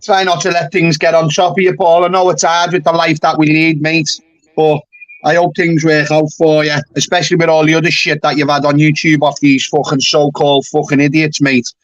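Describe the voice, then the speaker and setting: A man from England with a slightly high voice, recorded dry and close with no room sound. He talks bluntly and swears freely, tacking "mate" onto his sentences as he chats casually with a caller on his livestream. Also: flat delivery, fairly quick, no echo, lo-fi sound. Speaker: YouTube livestream host. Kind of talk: casual call-in chat.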